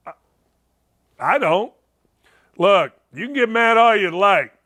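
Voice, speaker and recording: A middle-aged man hosting a sports talk show, loud and fired up, ranting with bursts of shouting. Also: high-pitched, lively intonation, unhurried.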